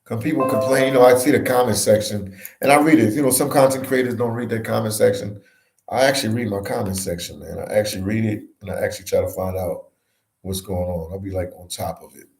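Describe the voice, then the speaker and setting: A man's voice: fairly low pitch, fast talker, vocal fry, a little mellow, soft background music. Man livestreaming from an echoey office. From Philadelphia, Pennsylvania. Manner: casual, conversational, reads comments aloud and reacts. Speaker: travel vlogger hosting a livestream. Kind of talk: live stream chat reading viewer comments. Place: office room with echo.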